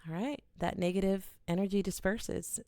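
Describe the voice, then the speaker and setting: A woman, an oracle card reader, gently and earnestly talking viewers through a ritual in a small home studio in her bedroom. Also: medium pitch, fairly even intonation, normal speed, no echo. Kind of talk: casual guided ritual talk.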